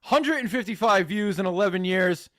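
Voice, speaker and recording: A man hosting a live reaction stream, talking in an excitable, profane, mock-enthusiastic way. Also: high-pitched, normal speed, no echo, clean studio sound. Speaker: host reacting to videos.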